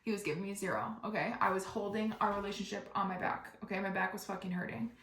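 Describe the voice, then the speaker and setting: A woman hosting a podcast, rapidly telling a comic story with lots of casual swearing and oversharing. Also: mid-range voice, a bit bright, roomy sound. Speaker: podcast host. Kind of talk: comedic storytelling.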